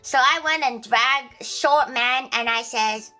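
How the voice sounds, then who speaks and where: Woman streamer, high and bright, casual rambling storyteller with lots of restarts and laughs; faint music bed. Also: slow. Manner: rambling, many restarts, laughs at own jokes.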